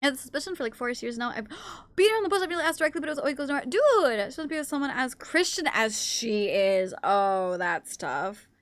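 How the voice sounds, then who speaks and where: A woman's voice: sits high, lively intonation, fast talker, few pauses, no room sound. A woman streamer chatting casually with her viewers and cooing baby talk to her cats. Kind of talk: casual live-stream chat.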